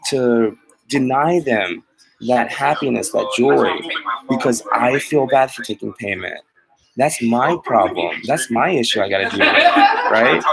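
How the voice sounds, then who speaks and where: A man's voice: medium pitch, creaky, poor audio. A man hosting a casual live chat, talking in an earnest, rambling way, often restarting his sentences and laughing at himself.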